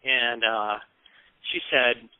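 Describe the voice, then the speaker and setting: A man's voice: medium pitch, flat delivery, drawn-out words, clear, resonant tone, no echo. A man in his fifties from the American Midwest, telling casual stories as an interview guest, acting out the voices of people he quotes and swearing now and then. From Peoria, Illinois, US. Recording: tinny phone-like dry sound.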